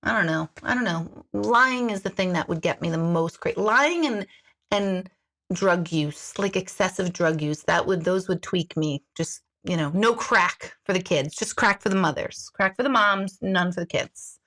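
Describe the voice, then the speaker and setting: A woman's voice: medium pitch, a little slow. A woman in her forties, an intuitive life coach, chatting candidly with viewers in a sarcastic, jokey way and swearing freely. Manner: animated, jumps between comments. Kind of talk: casual live chat answering viewer comments.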